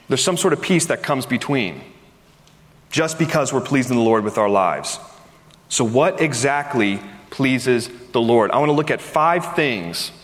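A man's voice: fairly high pitch, fairly bright tone. Man preaching in a reverberant hall. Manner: chatty storytelling, acts out quoted voices. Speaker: pastor. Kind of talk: sermon with a personal story.

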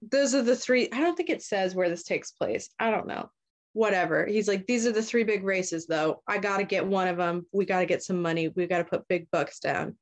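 A young woman telling a story in easygoing, profane chat. She drops into quick little voices for each character, then goes straight back to her ordinary middle-pitched voice. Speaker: podcast host retelling a story. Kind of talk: casual chat.

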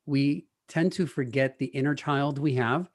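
A man's voice: mid-range voice, unhurried. A man co-hosting, chatting casually and reflecting in an easygoing way. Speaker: co-host. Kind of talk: casual chat.

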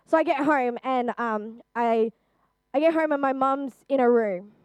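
A woman's voice: high-pitched, unhurried, clean tone, no room sound. A young woman giving a personal testimony to a group, speaking earnestly and chattily with frequent fillers. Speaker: youth speaker.

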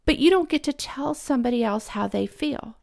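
A woman's voice: high voice, lively intonation, brisk, vocal fry, a little mellow. A woman talking casually and earnestly as a parent, giving reflective advice about apologizing.

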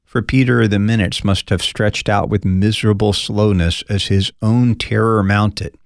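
A pastor teaching through a Bible passage in a conversational, expressive way, acting out the quoted lines with folksy asides. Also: male voice, on the low side, measured pace, gravelly, dry recording, clean studio sound.

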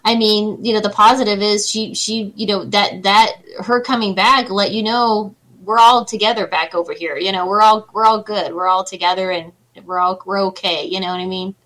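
A woman with a mid-pitched voice that has a bright, forceful edge. As a guest who does psychic readings, she talks in a chatty, reassuring way, keeping the conversation light. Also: fairly even intonation, moderate pace, hardly any pauses, rough recording. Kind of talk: casual interview chat.

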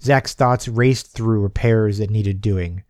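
A man's voice: fairly low pitch, takes it slowly, a little mellow, no echo, clean studio sound. A man reading a short story as an audiobook narrator, giving the characters' lines a lifted, livelier delivery. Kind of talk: scripted narration.

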